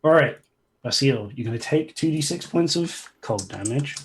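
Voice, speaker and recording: A man acting as game master for a tabletop game played over an online call, relaxed and chatty. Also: medium pitch, normal speed, slight background noise. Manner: relaxed, chatty, cursing mildly at stream problems.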